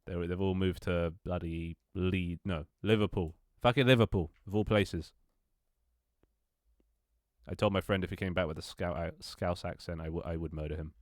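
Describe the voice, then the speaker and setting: This is a young man with a very low voice, rambling to his stream audience. He swears casually and trips over his words as he goes. The sound is dry and close. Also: normal speed, dry recording. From London, England. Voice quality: swears casually, many restarts and laughs. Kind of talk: casual chat with stream viewers.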